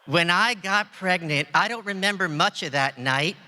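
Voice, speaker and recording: A man voicing an insulting, wisecracking male puppet dummy in a ventriloquist stage act, with a slow, mocking roast delivery. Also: high-pitched, bright, forceful tone. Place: large event hall on stage. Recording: reverberant hall, faint ambience.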